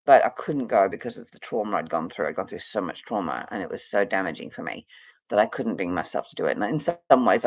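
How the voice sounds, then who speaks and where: A woman's voice: a bass voice, no echo. A middle-aged woman, a psychic and counselor, talking in a rambling, casual vlog chat full of fillers and restarts.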